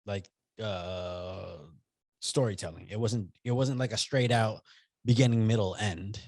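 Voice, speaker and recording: A man co-hosting a podcast, talking about a movie in a casual chat, playful and animated. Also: lowish voice, measured pace, no echo, studio quality. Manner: animated, playful, acts out silly voices. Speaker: podcast co-host.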